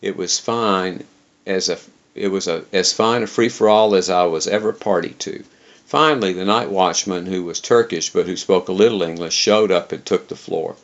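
Guy reading an old travel memoir, dry and wry, very low gravelly voice, muffled recording. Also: moderate pace. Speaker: reader. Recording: dull lo-fi recording.

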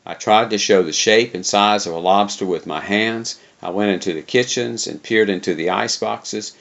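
A man's voice: fairly low pitch, moderate pace, creaky, a bit bright. A man reading a travel memoir aloud in a dry, wry storytelling manner, on a dull lo-fi recording. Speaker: reader.

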